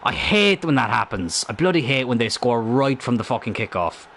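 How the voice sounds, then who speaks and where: Man, game streamer, excitable live commentary, swears a lot, bright sharp tone. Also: mid-range voice, normal speed, a little hiss or hum.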